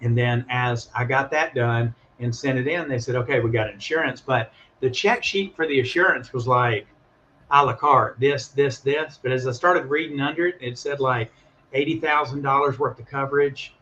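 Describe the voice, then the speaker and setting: A man casually telling a story on a call, animated and acting out the voices of the people in it. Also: mid-range voice, moderate pace, dull audio. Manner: animated, acts out voices in his stories. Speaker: guest calling in.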